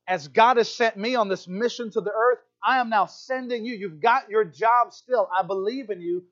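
Pastor, male, high voice, lively and joking, preaching in church, dull lo-fi recording. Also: moderate pace. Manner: animated, playful asides, keeps asking "right?". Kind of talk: sermon. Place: church hall.

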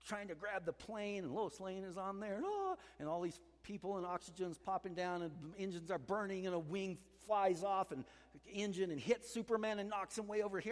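Male pastor, sermon delivery, animated storyteller, slightly high voice, long reverberant church hall. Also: fairly quick. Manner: animated storyteller, climbs higher and louder when excited.

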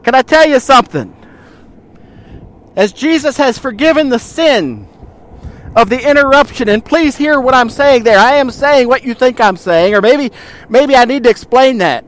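A man's voice: extremely high pitch, fairly bright tone. A male pastor preaching a sermon, speaking directly to the congregation and retelling scripture with rhetorical questions.

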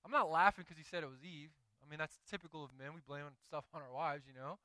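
High, bright-voiced Southern pastor preaching. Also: male voice, fast talker, clean tone, no echo, rough recording. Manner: animated, conversational preaching with acted asides. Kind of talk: sermon.

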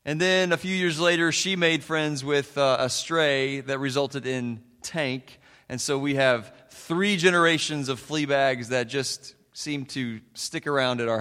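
A man's voice: fairly high pitch, bright, forceful tone, long reverb tail. A man preaching a folksy sermon as a pastor, telling stories with plenty of fillers. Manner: folksy storytelling with many fillers.

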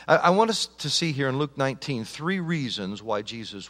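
Pastor, male, sermon delivery; slightly high voice, emphatic then hushed, restarts phrases; long hall reverb. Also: expressive. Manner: swings from raised emphatic lines to soft, slowed, hushed ones; repeats words and restarts phrases. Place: church sanctuary.

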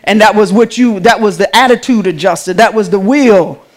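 Lady preaching in church, chatty, keeps asking the congregation to answer back, mid-pitch voice. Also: normal speed. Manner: conversational, calls out to the congregation. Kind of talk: sermon.

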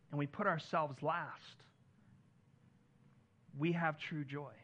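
A man preaching a sermon as pastor, earnest, lifting his voice on key lines and dropping it soft on others. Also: fairly high pitch, slow pace, pauses often, highs cut off.

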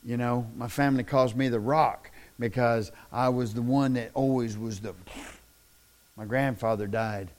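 A middle-aged man preaching a sermon in a folksy, plain-spoken way that swells into loud, impassioned shouting. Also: medium pitch, steady tone, unhurried. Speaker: pastor.

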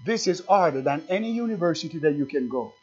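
A man preaching a sermon without notes, swinging between loud emphatic lines and quiet asides. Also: a little high, animated, quick pace. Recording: dull lo-fi recording.

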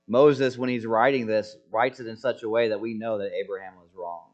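A man preaching a verse-by-verse sermon, emphatic and full of rhetorical questions, swinging from loud to hushed. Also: fairly low pitch, lo-fi sound. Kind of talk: expository sermon.

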